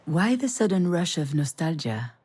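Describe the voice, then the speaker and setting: A woman's voice: low-pitched, sing-song, moderate pace, a little mellow, slight background noise. An actress playing a young woman in a visual novel, speaking in a dry, sardonic manner. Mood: wry. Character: young woman, wry and guarded daughter. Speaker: game character.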